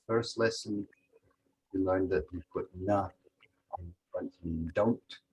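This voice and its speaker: A man's voice: deep voice, slow, a little hiss or hum, rough recording. A man teaching a language lesson over a video call, methodically walking through example sentences step by step.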